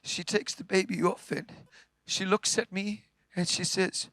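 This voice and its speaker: A man preaching a sermon, telling a story with big swings from loud, forceful lines to hushed ones. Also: sits high, fairly even intonation, unhurried, dry recording. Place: church.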